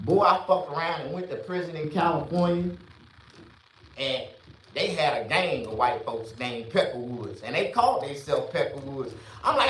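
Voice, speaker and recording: A man delivers a rambling, profane stand-up rant, lurching from yelled lines to muttered asides. His voice is a little high and bright, with lively swings in pitch. It sounds a bit off-mic and bounces around a roomy, echoey space. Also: moderate pace, recorded from a distance. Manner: loud, swinging between shouted bursts and low mutters. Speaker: stand-up comedian.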